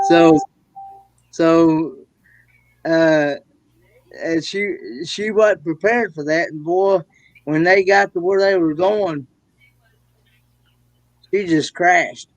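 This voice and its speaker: East tennessee guy w a southern drawl, kinda high voice, slow, dry sound, keeps restarting his words. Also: dry recording. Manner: halting, repeats words while telling a story. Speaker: livestream guest. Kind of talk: casual chat.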